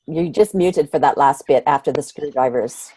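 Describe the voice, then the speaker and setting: A woman with a very deep voice hosts the call, thanking and introducing her guests. Her audio is close and dry. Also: moderate pace, creaky, warm tone, breathy edge, no echo. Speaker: host of the call. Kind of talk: hosting an online group call.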